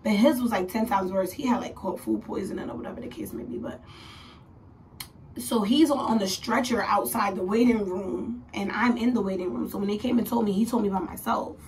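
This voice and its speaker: A young woman vlogging, telling a story in a chatty, animated way, dropping to whispers and rising to laughing squeals as she acts out what people said. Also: medium pitch, a little fast. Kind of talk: casual storytelling. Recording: a little distant from the mic, faint room noise.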